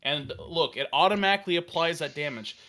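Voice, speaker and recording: A man casually walking through a software demo on a live stream, enthusiastic and rambling, with fillers and restarts. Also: fairly high pitch, brisk. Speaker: developer demoing a virtual tabletop.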